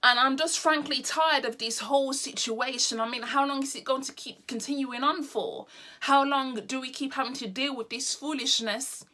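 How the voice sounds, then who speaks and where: A woman's voice: high-pitched, fairly even intonation, normal speed, bright, forceful tone. A woman vlogger ranting blunt and exasperated to the camera, repeating her points.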